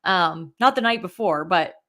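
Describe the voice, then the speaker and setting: A woman's voice: lowish voice, lively intonation, normal speed, a bit bright. Chatty young woman telling a story. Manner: emotional, heavy use of "like" fillers. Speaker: podcast co-host. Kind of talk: casual chat, personal storytelling.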